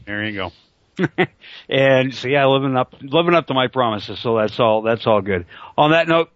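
Over a computer call mic, the audio dull and lo-fi, a middle-aged talk radio host banters casually online. He rambles and makes crude jokes in an expressive mid-range voice at a moderate pace, and the recording is dry.

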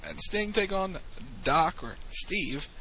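A man's voice: sits high, expressive, slow, pushed and bright, slight background noise. A man co-hosting a podcast, casually recapping events in a rambling way with restarts. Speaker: podcast co-host recapping wrestling. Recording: dull lo-fi sound with faint ambience.

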